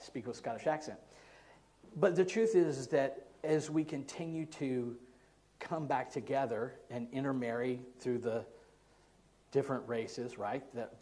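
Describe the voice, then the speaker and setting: A man's voice: medium pitch, darkish tone. An American man answering audience questions in a casual, rambling talk, chuckling now and then. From United States. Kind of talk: live Q&A talk.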